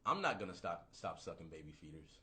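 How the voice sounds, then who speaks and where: A man in his thirties ranting casually on a livestream, profane, rambling and animated. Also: deep voice, fairly quick. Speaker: livestream host.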